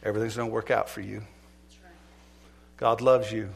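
A middle-aged male pastor preaching a sermon, moving between urgent exhortation and quiet storytelling. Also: on the low side, little pitch movement, normal speed, gravelly, breathy edge. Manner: dynamic preaching, swinging from loud urgent exhortation to hushed storytelling.

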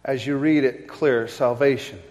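Preaching in a large hall, a man keeps a measured pace and a mid-range pitch. The pastor brings his stories to life and hammers key points through emphatic repetition.

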